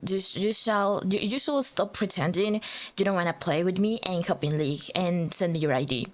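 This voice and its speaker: A woman's voice: fairly low pitch, moderate pace. A woman livestreamer chatting casually with her viewers, playful and teasing, giggling and stammering through restarts.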